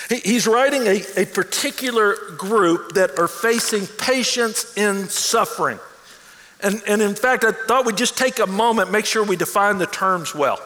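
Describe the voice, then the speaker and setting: A man preaching with a high, bright and forceful voice. He is energetic and often trips over his words and restarts them. His voice rings through a large hall with a long reverb. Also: normal speed. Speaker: pastor. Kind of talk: sermon. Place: large church auditorium.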